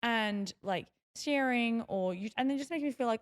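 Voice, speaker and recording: Her pitch sits fairly high, and she talks quickly and expressively. She's a young podcast host from Melbourne, Australia, rambling through casual solo stories with plenty of filler words.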